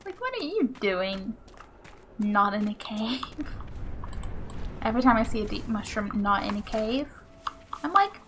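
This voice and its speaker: Playful higher-voiced woman streaming a game. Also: sing-song, unhurried, long pauses, fairly bright tone. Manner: chatty, playful, jokey asides to the game. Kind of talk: casual gameplay commentary.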